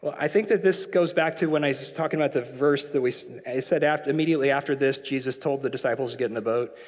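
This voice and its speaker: A man's voice: medium pitch, fast talker. A man preaching a casual, conversational sermon with joking asides, now and then acting out quoted lines. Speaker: pastor. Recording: long hall reverb.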